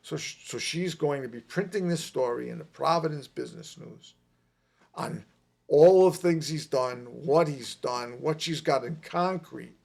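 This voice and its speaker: A middle-aged man telling a long personal story on a podcast, emphatic and animated, repeating his points. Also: mid-range voice, a little slow, creaky. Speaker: podcast guest. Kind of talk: casual storytelling.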